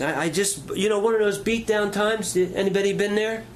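A man's voice: sits high, moderate pace, few pauses, slight background noise. A middle-aged male pastor preaching a sermon, telling stories in a folksy way and asking the congregation questions.

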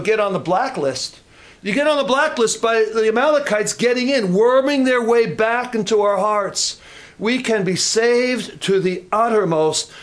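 A man preaching a sermon in church, emphatic and questioning his congregation. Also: sits high.

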